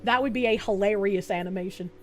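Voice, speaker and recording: A woman's voice: medium pitch, fast, soft background music. A woman from Canada streaming casually, reading chat aloud with profane, sarcastic mockery. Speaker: livestreamer.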